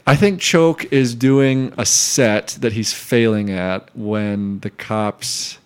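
Smooth-voiced man riffing casually. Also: on the low side, slow pace. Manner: rambling, improvising out loud with laughs. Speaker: podcast co-host. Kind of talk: casual comedic brainstorming chat.

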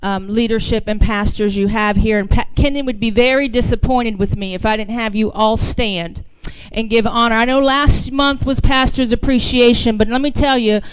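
A woman's voice: fairly high pitch, steady tone, moderate pace, clear, resonant tone, no room sound, rough recording. A woman from the American South with a Southern accent, speaking as a guest preacher at a church pulpit, talking casually and then rising into fervent exhortation. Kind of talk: church sermon. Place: church sanctuary.

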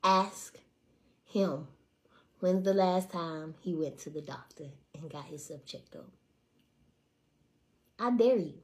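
A woman in her twenties telling stories on a casual livestream, blunt and profane. She swings between hushed asides and loud, animated outbursts. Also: fairly low pitch, takes it slowly, pauses often. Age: 20s. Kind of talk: casual storytelling to a live audience.

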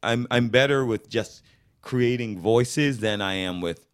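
A man from Georgia, a guest actor chatting casually and telling animated stories. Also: mid-range voice, unhurried, clear, resonant tone. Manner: animated storyteller who slips into voices. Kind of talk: casual chat.

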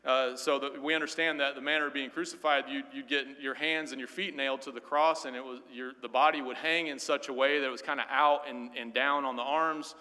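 A man's voice: mid-range voice, pushed and bright. A man teaching a Sunday school Bible class in an earnest, emphatic way, often repeating words as he goes. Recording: long hall reverb.

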